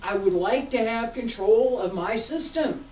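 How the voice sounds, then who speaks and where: Slow, coaxing woman leading a qigong class. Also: fairly high pitch, darkish tone. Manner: slow, coaxing, drawn-out phrases with long pauses. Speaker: qigong instructor. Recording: roomy sound from a distant mic.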